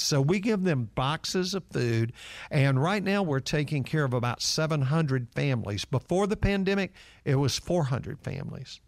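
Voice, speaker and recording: A man's voice: mid-range voice, unhurried, no echo. A man telling stories earnestly, with lots of fillers, as a guest in an interview. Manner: earnest storytelling with many fillers. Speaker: nonprofit leader. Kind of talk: interview answer.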